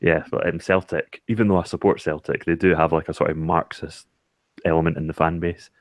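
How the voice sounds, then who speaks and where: Wry, very deep-voiced man. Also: level tone, brisk, no room sound. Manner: wry, self-deprecating, rambling. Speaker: channel host. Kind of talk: casual chat.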